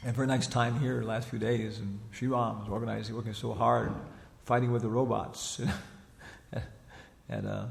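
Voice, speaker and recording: A man's voice: mid-range voice, vocal fry. A man giving an informal religious lecture in a chatty, rambling storytelling manner, with frequent filler phrases. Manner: chatty and rambling, many "you know" fillers, laughs while retelling. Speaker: spiritual teacher giving a lecture. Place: lecture hall in Dallas. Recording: long hall reverb.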